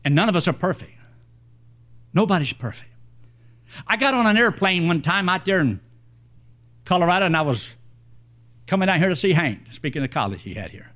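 An older man preaching a sermon, telling a personal story in a folksy, animated way. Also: high-pitched, normal speed, pauses often.

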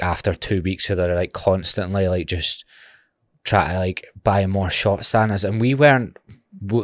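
A man's voice: lowish voice, no room sound, clean studio sound. A young man with a Glaswegian Scottish accent, hosting a solo podcast in a rambling, sweary, jokey way. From Glasgow, Scotland. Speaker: podcast host. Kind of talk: casual solo podcast chat.

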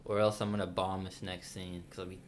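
A man's voice: deep voice, little pitch movement, a little fast, slight background noise. Wry, joking man in podcast banter. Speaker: podcast co-host. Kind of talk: casual chat.

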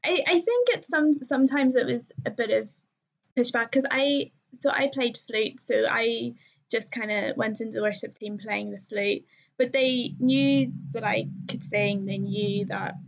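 A woman's voice: fairly high pitch, measured pace, gravelly. A young woman telling her story as a podcast guest, chatty and full of ums and likes, laughing often. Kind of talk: casual conversational storytelling. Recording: slightly muffled lo-fi sound.

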